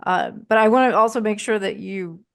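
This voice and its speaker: A woman co-hosting a podcast, speaking hesitantly with many pauses and fillers. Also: mid-range voice, clean tone. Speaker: podcast co-host. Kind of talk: casual chat.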